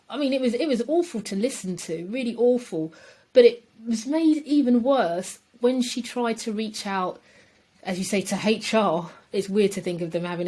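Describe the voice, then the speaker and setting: A woman co-hosting a podcast in casual chat, animated and emphatic. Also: medium pitch. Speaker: podcast co-host.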